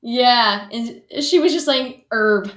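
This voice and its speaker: A woman's voice: a little high, takes it slowly, fairly bright tone, roomy sound. An American woman, a voice actor, chatting casually as a podcast guest, giggling often and restarting her sentences. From United States. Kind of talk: casual chat.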